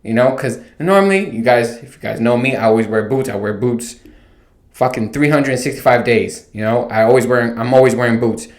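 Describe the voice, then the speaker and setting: A podcast host with a brisk, mid-range voice launches into a casual comedic rant, swearing freely as he relates an exasperated comic story. The recording has a roomy echo, his voice ringing around the space.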